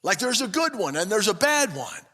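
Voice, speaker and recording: A man's voice: high voice, big pitch swings, moderate pace, bright, forceful tone. A man preaching a sermon to his congregation, retelling a story vividly and speaking to them directly. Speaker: pastor. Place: church sanctuary. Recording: long church-hall reverb.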